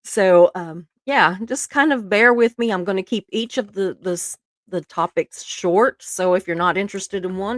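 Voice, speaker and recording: A woman's voice: medium pitch, moderate pace, dry recording, studio quality. A woman with a Southern US accent from Georgia, hosting a livestream in a rambling, casual, chatty way. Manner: rambling and chatty, says "y'all" often. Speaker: livestream host. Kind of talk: casual chat to a live audience.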